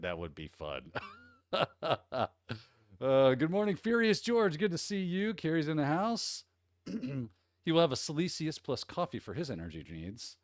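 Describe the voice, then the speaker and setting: A man's voice: fairly high pitch, very animated, a little slow, no room sound, clean studio sound. Upbeat man hosting a live chat. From Midwest US. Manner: upbeat, rambling, greeting viewers by name. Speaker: host. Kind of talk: casual livestream chat.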